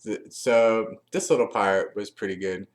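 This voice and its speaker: A man's voice: lowish voice, measured pace. A man giving a chatty, loose recap of a wrestling show as a reviewer, with frequent fillers and restarts. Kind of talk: casual recap commentary.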